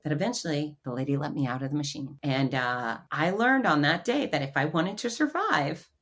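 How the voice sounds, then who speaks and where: A middle-aged woman as a podcast guest, telling a personal story in a lively way and acting out the voices of others. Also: sits low, normal speed. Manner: animated storyteller who acts out quotes.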